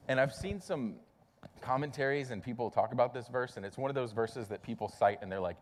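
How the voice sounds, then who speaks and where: A man's voice: medium pitch, brisk, a little hiss or hum. A man in his thirties, a pastor giving a casual, conversational sermon and acting out quoted voices. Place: church sanctuary. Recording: long reverb of a large hall.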